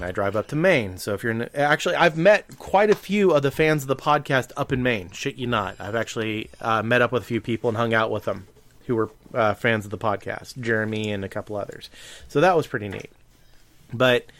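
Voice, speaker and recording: A man's voice: mid-range voice, fairly bright tone. A man talking casually on a podcast, plain and matter-of-fact. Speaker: podcast regular.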